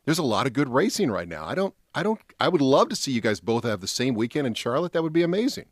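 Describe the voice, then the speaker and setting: A male radio morning show host who rattles along at a brisk clip, cracking jokes and cutting in eagerly. His voice sits at a middling pitch and comes across close and dry through a studio microphone, with no room sound around it. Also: no room sound. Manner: joking, excitable, talks over guests. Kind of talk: casual studio chat.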